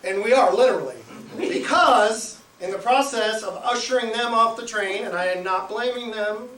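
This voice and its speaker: A comedian with a notably high voice spins a travel yarn for a live audience, lively and theatrical. He is recorded in an echoey room from a little distance, and steady noise hangs under him. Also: normal speed. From Nebraska. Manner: animated, acts out yelling in quoted bits. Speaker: comedian telling a travel story. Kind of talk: stand-up storytelling show. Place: live show venue with audience.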